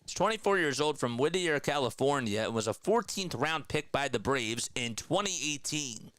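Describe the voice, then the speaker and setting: A man doing live baseball play-by-play for a stream, trading energetic banter with viewers between pitches. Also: normal speed, clean tone, no room sound.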